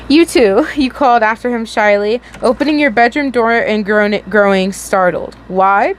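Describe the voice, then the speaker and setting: A young woman reading a fanfiction story aloud in a casual way, giggling and chatting to her listeners between passages. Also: on the high side. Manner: giggly, chatty, frequent self-corrections. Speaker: story reader.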